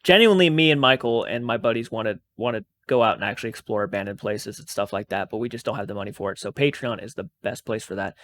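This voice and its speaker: A man's voice: fairly low pitch, quick pace, hardly any pauses, fairly bright tone. A man hosting his own channel, telling a paranormal experience in a casual, rambling, earnest way and swearing freely. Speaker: channel host.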